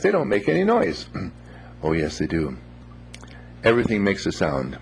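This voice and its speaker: A man telling a moral story in a gentle, unhurried, folksy way, with homely phrases. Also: low-pitched, a little hiss or hum.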